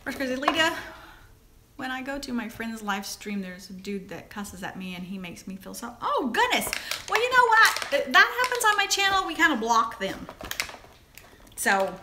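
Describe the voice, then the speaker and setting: A woman hosts a relaxed live stream, reading out viewer comments and unboxing little toys. Her voice is high and bright and swoops up and down, full of giggles and delighted gasps. A faint background hiss sits under her talk. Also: normal speed. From Southern United States. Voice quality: giggly, exclamatory, high and animated. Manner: reads viewer comments aloud, gasps and squeals over small toys. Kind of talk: casual live chat while unboxing toys.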